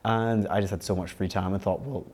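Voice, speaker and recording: A man's voice: deep voice, fairly even intonation, a little mellow. A young man, a magician and podcast guest, chatting casually and poking fun at himself. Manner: self-deprecating, quick to laugh. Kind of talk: casual interview chat.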